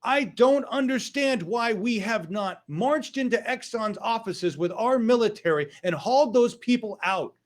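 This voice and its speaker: Angry, high-voiced ranting male host. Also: lively intonation, a little slow, few pauses. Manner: angry, profane, emphatic outbursts. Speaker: online political show host. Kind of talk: political rant.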